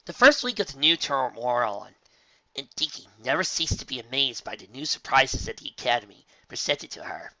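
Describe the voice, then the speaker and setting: Animated story reader, bright and close-sounding, dull lo-fi recording. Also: medium pitch, normal speed, no room sound. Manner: lively storybook narration. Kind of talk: reading a fan story aloud.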